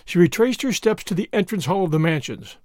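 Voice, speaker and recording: Man, audiobook narration, lively pitch swings, fairly high voice, dry close sound. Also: fairly quick, no room sound. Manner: expressive storytelling. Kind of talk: scripted narration.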